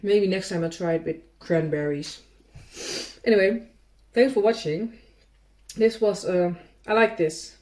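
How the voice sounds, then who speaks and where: A woman's voice: mid-range voice, measured pace, pauses often, darkish tone. A woman cooking vlogger chatting casually and thinking aloud as she tastes her food, eating between words. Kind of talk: casual chat while tasting food.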